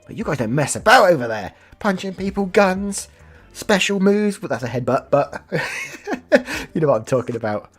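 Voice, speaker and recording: A man reading online stories aloud and reacting with animated asides, with faint music behind. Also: medium pitch, normal speed, breathy edge. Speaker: story reader.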